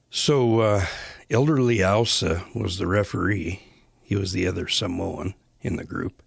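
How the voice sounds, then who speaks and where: Older man, low gravelly voice, very husky, dry close sound, rambling storyteller. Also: dry recording. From Western United States. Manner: unhurried, rambling, many "uh" pauses. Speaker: storyteller recalling mission days. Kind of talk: casual spoken reminiscence.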